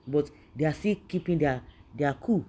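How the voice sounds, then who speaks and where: Nigerian commentator, indignant ranting opinion talk, dark mellow husky voice. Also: medium pitch, expressive, normal speed. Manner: indignant, ranting, repeats phrases. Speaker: political commentator.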